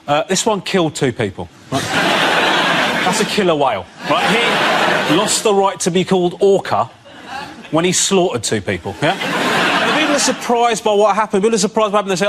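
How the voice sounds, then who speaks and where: A man doing a stand-up rant on a TV panel show, his fairly high voice climbing into exasperated, indignant shouts. The recording has heavy background noise and a live studio audience. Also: sing-song, a little fast. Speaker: comedian panellist.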